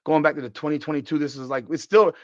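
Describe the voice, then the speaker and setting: This man hosts a sports podcast live, his voice rough and worn as he swears, trash-talks and reacts excitedly to the chat. His pitch is fairly high and his pace quick, in a dry, lo-fi recording.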